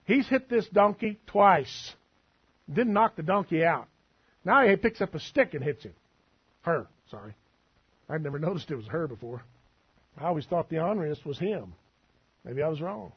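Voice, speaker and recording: A man's voice: fairly high pitch, expressive, normal speed, pauses often, husky, muffled recording. A man preaching a sermon as pastor, folksy and full of asides and humor.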